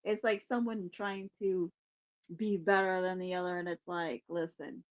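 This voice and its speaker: A woman's voice: fairly low pitch, steady tone, normal speed, highs cut off. A woman hosting a psychic podcast in a casual livestream chat, laughing often and swearing casually.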